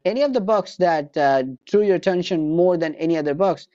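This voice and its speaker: A man's voice: high voice, fairly quick, warm tone, no echo, lo-fi sound. A man hosting a casual podcast chat, agreeable and hesitant, with lots of "you know". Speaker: podcast host. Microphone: remote call mic.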